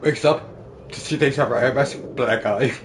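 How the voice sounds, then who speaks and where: A man's voice: mid-range voice, unhurried. A man in casual chat who teases his friend and laughs along. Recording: noisy recording.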